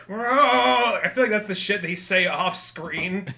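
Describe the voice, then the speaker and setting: A man's voice: high-pitched, slow pace, vocal fry, pushed and bright. A man co-hosting a casual movie review podcast, rambling and slipping into goofy character voices. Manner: rambling, acts out film characters in silly voices. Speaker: podcast co-host.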